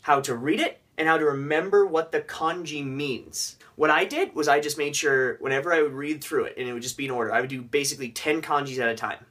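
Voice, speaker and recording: A man's voice: fairly high pitch, fairly quick, hardly any pauses, fairly bright tone. A young man casually vlogging tips on learning a language, with joking, rambling asides.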